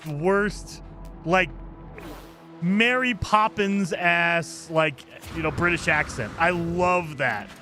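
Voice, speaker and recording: Male game streamer, rambling casual chat, highish pitch, very animated intonation. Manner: rambling, enthusiastic, thanks viewers for gifts.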